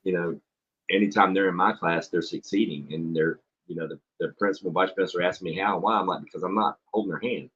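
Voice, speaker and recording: A man's voice: sits low, quick pace, fairly bright tone, husky. A man, a substitute teacher telling a story in blunt, profane casual chat. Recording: dull lo-fi stream audio.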